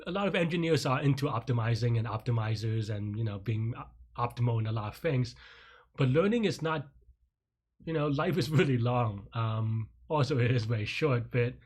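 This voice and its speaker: A man chatting loosely on a coding livestream, his voice a little husky and sitting at an ordinary middle pitch. He rambles, circles back with fillers and restarts, and pokes fun at himself now and then. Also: darkish tone. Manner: self-deprecating with light laughs. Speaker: programming streamer. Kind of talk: casual livestream chat.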